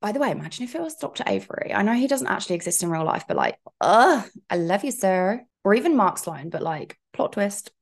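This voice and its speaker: A woman's voice: mid-range voice, big pitch swings, brisk, hardly any pauses. A woman hosting a solo coaching podcast, talking frankly and chattily, wandering into asides and swearing playfully. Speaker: fitness coach and podcast host. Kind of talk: casual solo podcast chat.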